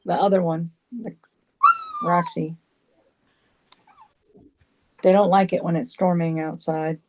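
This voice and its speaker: A woman joining a casual livestream chat with relaxed, short replies and laughs. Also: lowish voice, takes it slowly, rough recording.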